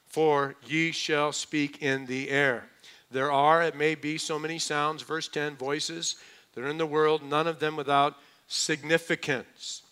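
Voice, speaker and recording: A man's voice: on the high side, little pitch movement, a little slow, bright, forceful tone, clean tone. A middle-aged man preaching a verse-by-verse sermon as pastor, conversational with joking asides. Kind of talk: expository sermon.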